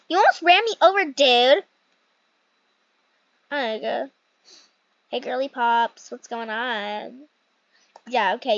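A woman's voice: a little high, no room sound. Chatty young woman gaming vlogger. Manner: chatty, rambling, self-correcting. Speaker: gaming channel host. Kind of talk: casual game role-play commentary. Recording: dull lo-fi mic.

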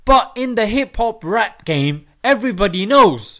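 High-voiced man ranting playfully. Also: big pitch swings, unhurried, bright, forceful tone. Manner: playful, chatty, slangy delivery. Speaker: Islamic video host. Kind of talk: comic ranting commentary.

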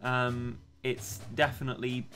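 A man's voice: mid-range voice, monotone, unhurried, fairly bright tone, faint music behind. Chatty young man streaming. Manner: chatty, ranting, self-mocking. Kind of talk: casual live-stream chat while gaming.

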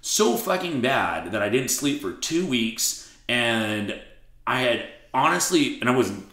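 A man telling a story as a podcast guest in a blunt, profane, animated way. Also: medium pitch, takes it slowly, reverberant. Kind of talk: casual interview storytelling.

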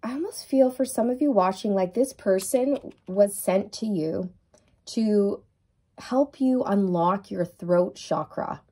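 A woman's voice: mid-range voice, slow, mellow, breathy edge. A woman reading tarot cards for viewers, speaking in a soothing, affirming and repetitive way. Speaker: tarot reader.

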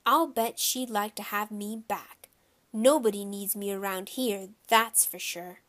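A woman's voice: mid-range voice, steady tone, a little slow, fairly bright tone, close to an everyday voice. A woman voicing an indignant young boy who protests and sulks, in a storybook reading. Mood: sulky. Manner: protesting, sulky. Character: indignant boy of about nine, sulky.

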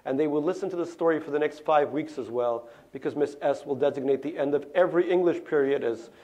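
A middle-aged man from Russia, an author, reading his memoir aloud in a lecture hall, with a wry, deadpan delivery and little spoken asides. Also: on the high side, fast talker, lo-fi sound.

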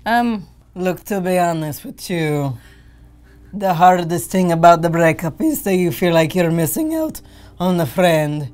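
A woman giving steady, earnest breakup advice in a put-on character voice. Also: lowish voice, measured pace. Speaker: guest giving dating advice.

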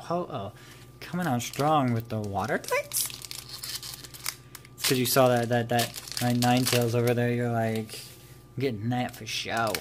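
A man talks through a card pack opening in a loose, chatty way, reading off card names and laughing at his own asides. His voice sits in an ordinary middle pitch over a faint steady hiss. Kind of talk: casual unboxing commentary.

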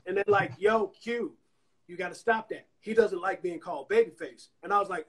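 A songwriter and producer from Anniston, Alabama, speaks at a normal speed in a high-pitched, slightly bright voice. Over an Instagram Live phone call, he tells stories in a casual interview and performs the voices of the people he quotes.

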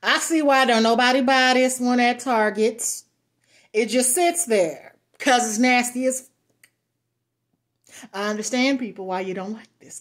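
Woman vlogger, kinda high voice, talks slow, super blunt, swears a lot, laughs a bunch. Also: fairly bright tone. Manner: blunt and frank, cusses freely, laughs often. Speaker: beauty and lifestyle vlogger. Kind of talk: casual product review chat.

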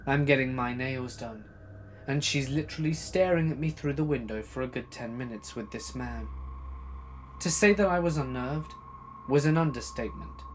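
A man's voice: medium pitch, moderate pace, a little hiss or hum. Dramatic man narrating horror stories. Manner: dramatic, swinging between loud bursts and hushed asides. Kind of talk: scripted horror story narration.

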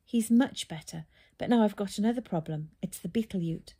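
A woman's voice: mid-range voice, a little fast, warm tone, breathy edge. A woman voicing an earnest young boy who speaks urgently and with worry.

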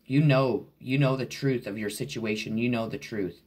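A man's voice: mid-range voice, normal speed, a little mellow. A man giving a casual tarot reading to camera at home, talking bluntly and swearing freely to the viewer. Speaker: tarot reader.

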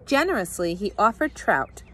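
A teacher reading a picture book aloud to children, her mid-pitched voice rising and falling with lively expression. She tells the story with animated, storybook flair. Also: moderate pace, breathy edge.

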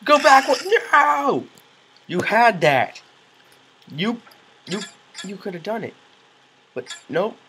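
A man doing goofy, excitable let's play commentary, yelling reactions and cracking self-mocking jokes. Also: high voice, slow pace, pauses often, a little hiss or hum, poor audio. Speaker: gaming commentator.

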